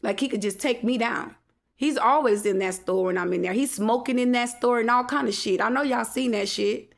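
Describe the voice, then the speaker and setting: A woman's voice: fairly high pitch, brisk. A woman, venting to camera in a defiant, repetitive monologue full of swearing. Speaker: vlogger.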